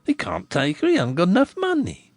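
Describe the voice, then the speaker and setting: Man doing a stout village matron, higher voice, tart and skeptical, dry close sound. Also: wildly swooping pitch, a little fast, dry recording, full character voice. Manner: tart, skeptical rustic speech. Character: stout, matronly village woman, sharp-tongued.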